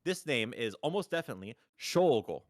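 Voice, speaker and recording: A man's voice: medium pitch, sing-song, a little fast, dry recording, studio quality. A man chatting on a live stream, explaining pronunciation patiently like a teacher, with emphatic repetitions. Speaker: stream co-host. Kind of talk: casual chat on a live stream.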